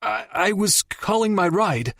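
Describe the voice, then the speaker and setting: A man voicing a terrified male captive who sobs and pleads in high, strained cries. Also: slow, vocal fry, no echo, full character voice. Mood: terrified pleading.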